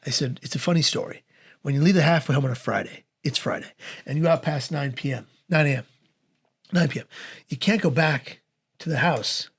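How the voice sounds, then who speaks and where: A man in his forties telling a comic story as a guest, animated and acting out the voices of the people in it. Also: slightly rough. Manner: animated, acts out quoted voices with big pitch swings.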